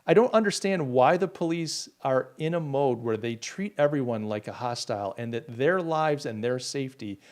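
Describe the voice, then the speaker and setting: Answering viewer comments on his casual live talk show, a male podcast host rambles indignantly and restarts often. His medium-pitched voice has lively intonation and moves at normal speed with few pauses.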